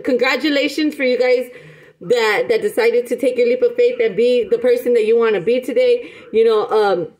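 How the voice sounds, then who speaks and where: A woman's voice: fairly high pitch, a little mellow, low-quality recording. A woman giving a casual tarot reading to camera, rambling and emphatic, with many restarts and pet names for her listeners. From United States. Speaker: tarot reader.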